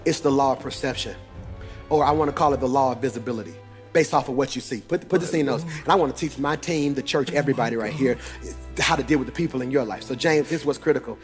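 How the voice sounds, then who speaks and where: A man preaching a sermon in a church, moving between low, conversational teaching and loud, sing-song preaching. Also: fast, faint music behind. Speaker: pastor. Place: church sanctuary with congregation.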